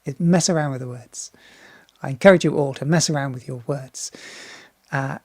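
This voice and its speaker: A woman's voice: very deep voice, normal speed, a little mellow, no echo. A woman singer talking casually as she reacts to a music video, often restarting and repeating words, swearing freely and getting enthusiastic.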